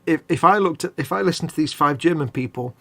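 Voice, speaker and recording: Gravelly, chatty man. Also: a little high, fast talker, fairly bright tone. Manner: rambling, chatty, self-correcting. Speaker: co-host of a live stream. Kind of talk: casual chat, reading viewer comments.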